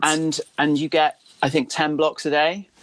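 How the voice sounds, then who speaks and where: A man's voice: fairly high pitch, little pitch movement, unhurried, a bit bright, no room sound. Sarcastic man, raised voice. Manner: sarcastic, ranting, swears freely. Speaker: podcast co-host. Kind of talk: casual comedic chat.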